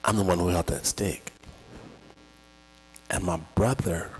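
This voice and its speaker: A man with a husky, low voice tells a personal story live. He draws out his words slowly and builds drama and emotion. The sound rings with long reverb from a large hall. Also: steady tone. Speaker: storyteller and podcast host.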